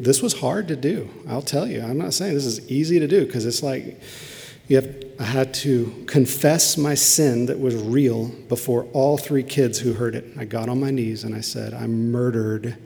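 A man's voice: medium pitch, vocal fry, warm tone. A middle-aged man preaching a sermon as a pastor, telling an earnest, confessional story from his own family life. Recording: long hall reverb.

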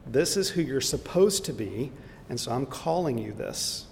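Man leading a church Bible class, mid-pitched, earnest and explanatory, echoey hall with faint background rumble. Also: lively intonation, moderate pace, vocal fry, a little mellow. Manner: earnest, explanatory, with fillers and restarts. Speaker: Bible teacher. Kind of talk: Bible study lesson.

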